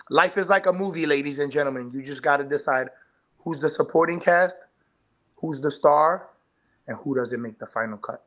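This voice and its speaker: Bright-voiced man cutting a wrestling promo. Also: fairly high pitch, normal speed. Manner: hype promo delivery, lively and emphatic. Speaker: wrestler guest. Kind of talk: podcast interview. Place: live online show.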